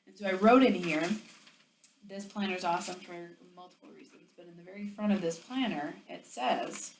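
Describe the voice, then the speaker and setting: A woman giving a motivational sales training talk, chatty and animated, full of "like"s and acted-out quotes. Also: lowish voice, moderate pace, a little hiss or hum. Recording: roomy echo, distant mic, faint ambience.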